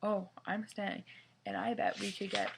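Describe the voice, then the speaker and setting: A woman's voice: mid-range voice, little pitch movement, measured pace, vocal fry, a little hiss or hum. A woman reading as an eager girl who ran from robbers.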